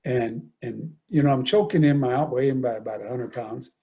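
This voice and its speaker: Older man telling stories, husky and dark. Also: mid-range voice, a little fast. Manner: animated storyteller, many fillers. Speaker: guest speaker. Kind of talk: storytelling talk. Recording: dull lo-fi recording.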